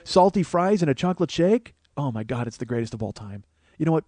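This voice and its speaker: A man's voice: on the high side, big pitch swings, fast talker, mellow, dry recording. A man hosting a podcast, telling a rambling, profane comic story that gets more and more worked up. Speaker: podcast host. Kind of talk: comedic storytelling monologue.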